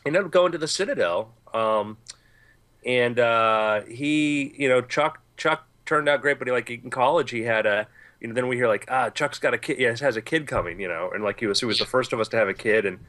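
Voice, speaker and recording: A man's voice: medium pitch, brisk, fairly bright tone. A man co-hosting a podcast, telling a rambling story in a laid-back way, with allergies. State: itchy eyes from allergies. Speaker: podcast co-host. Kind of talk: casual storytelling.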